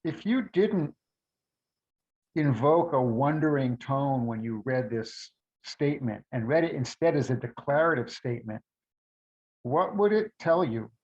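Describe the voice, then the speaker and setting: A man in an online class asks his teacher a thoughtful question. His voice sits at a middle pitch. It comes through a dull, lo-fi video call line. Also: animated, unhurried, darkish tone. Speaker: student asking a question.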